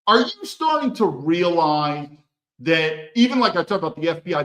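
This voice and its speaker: Man, political talk host, lively swooping delivery, rhetorical questions, echoey room. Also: sits high. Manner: emphatic, rhetorical questions, blunt and profane. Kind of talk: solo political monologue to camera.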